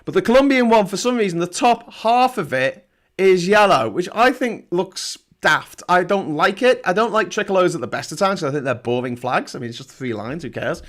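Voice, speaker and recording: A man in his thirties hosts a casual livestream with a voice a little higher than most men's. He talks in a loose, sarcastic ramble, often starting a sentence twice before he gets going. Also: animated, normal speed, fairly bright tone. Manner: chatty, sarcastic, rambling with many restarts. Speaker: host of a live travel show.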